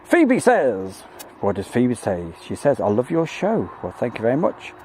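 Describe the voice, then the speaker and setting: A man's voice: mid-range voice, wildly swooping pitch, unhurried, darkish tone, a little hiss or hum. A man hosting a live plane-spotting stream, chatting jokily and reading out viewer messages. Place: outdoors at an airfield.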